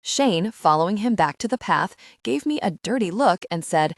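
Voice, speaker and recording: This audiobook narrator is a woman with a medium-pitched voice and lively intonation, reading a first-person story expressively at a moderate pace with hardly any pauses. She gives each character's lines a distinct voice. The studio recording is clean, with no room sound.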